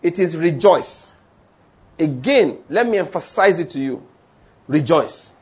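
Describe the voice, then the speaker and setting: A male pastor preaching a sermon, animated and humorous, acting out little anecdotes. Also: on the high side, a little slow, slightly rough.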